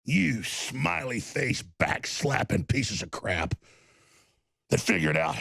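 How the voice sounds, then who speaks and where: A man with a deeply gravelly, husky voice rants through a talk-show monologue. His pitch swings widely as he talks, and he keeps erupting into angry shouts. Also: very animated, takes it slowly, long pauses, no echo, studio quality. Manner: impassioned, bursts into angry shouting. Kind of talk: ranting monologue.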